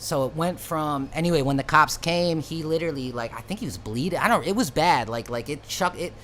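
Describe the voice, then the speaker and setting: A man's voice: fairly high pitch, brisk, a bit bright, slight background noise. A man telling a personal story in a loose, profane, slangy way, with frequent restarts. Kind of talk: casual storytelling.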